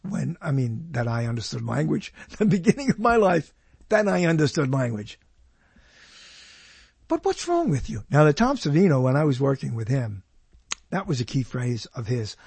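Gravelly husky guy rambling on his radio show, voice bouncing all over, dry close mic. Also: medium pitch, a little fast, dry recording. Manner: animated, rambling, laughs at himself. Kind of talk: rambling casual monologue.

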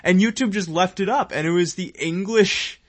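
A man as co-host in casual chat, eager with film trivia and quick interjections. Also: high-pitched.

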